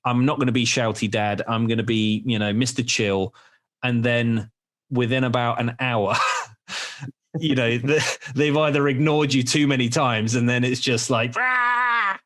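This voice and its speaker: Casual male podcast host, middle-pitched voice, chatty and animated, prone to restarts. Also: unhurried. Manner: rambling, animated storytelling with many restarts. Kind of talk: casual chat.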